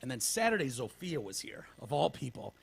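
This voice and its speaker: Brisk and very animated, the man has a gravelly, slightly rough voice in the middle range. He's a podcast host on a casual show, recovering from pneumonia and winded, telling sprawling stories laced with profanity and frequent restarts.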